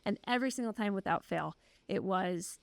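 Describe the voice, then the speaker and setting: A woman's voice: mid-range voice, a little fast, creaky, no echo. A woman guest on an interview podcast, telling personal stories candidly and with wry humor. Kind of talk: casual conversational interview.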